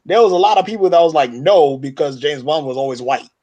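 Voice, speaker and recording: A man co-hosting a podcast in casual chat, making measured points. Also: fairly high pitch, lively intonation, dark tone, muffled recording. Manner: measured, starts with "I mean". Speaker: podcast co-host.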